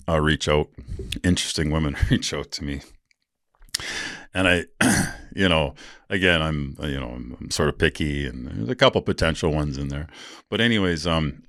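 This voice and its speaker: A man's voice: very deep voice, a bit bright, dry recording, studio quality. A man in his forties hosting a podcast, telling stories in a casual, rambling, candid way, with fillers and swearing. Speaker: podcast host. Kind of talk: casual storytelling monologue.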